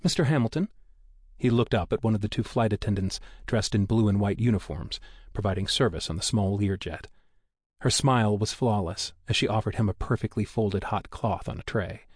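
A man reading a thriller audiobook aloud in a steady, measured storytelling manner, close to a studio mic. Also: on the low side, breathy edge, no echo. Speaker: audiobook narrator. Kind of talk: scripted narration.

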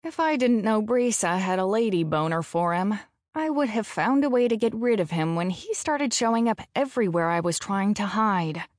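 A woman's voice: medium pitch, animated, normal speed, dry recording. A woman narrating a first-person audiobook in a frank, profane voice on a close studio mic.

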